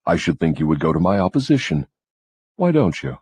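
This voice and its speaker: A man's voice: low voice, very animated, brisk, darkish tone, husky, dry recording, heavily acted. A man voicing a scornful, cunning devil who gloats and lectures in a mocking audiobook dramatization. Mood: lecturing.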